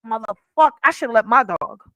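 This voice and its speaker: A woman's voice: fairly high pitch, expressive, brisk, a bit bright, no room sound, low-quality recording. A woman hosting a livestream from her chair at home, telling a story in a casual, profane, laughing way. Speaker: livestream host. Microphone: wearing headphones.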